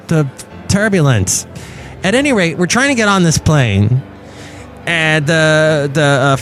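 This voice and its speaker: A man hosting a podcast, telling rambling comic stories in casual chat. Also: on the high side. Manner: rambling storyteller with a lively, bouncing delivery and many restarts. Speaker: podcast host. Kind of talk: casual comedic monologue.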